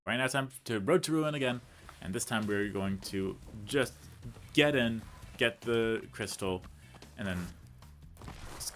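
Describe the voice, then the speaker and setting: A man's voice: mid-range voice, a little slow, pauses often, a bit bright. A man giving casual, rambling commentary over a video game he is playing, full of tangents and self-deprecating jokes. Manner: rambling, chatty, goes off on tangents; self-deprecating, jokey asides. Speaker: let's play commentator.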